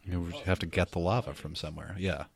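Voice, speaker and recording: A man co-hosting a podcast in casual chat about a novel, wry and quick to laugh. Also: deep voice, steady tone, gravelly. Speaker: podcast co-host. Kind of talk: casual book discussion.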